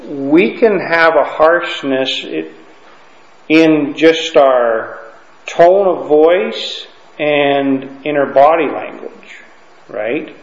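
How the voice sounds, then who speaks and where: A man's voice: fairly high pitch, very slow. A man teaching a Bible lesson to a class, talking conversationally and often checking in with his listeners. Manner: conversational, keeps checking in with "okay?" and "right?". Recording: roomy, dull lo-fi room recording.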